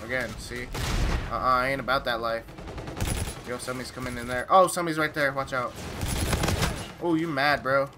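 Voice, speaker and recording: A man giving live commentary while playing a shooter game, excitable and taunting the opponents as he plays. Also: mid-range voice, a little fast, long pauses, noisy background. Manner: trash-talking, excitable, talks to opponents. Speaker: gamer. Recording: loud game gunfire behind voice. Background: game gunfire and effects.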